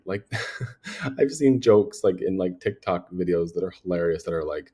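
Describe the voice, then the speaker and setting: Earnest young man with a deep voice. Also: a little fast, warm tone. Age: young adult. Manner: earnest, rambling, many fillers. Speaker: podcast host. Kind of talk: personal monologue.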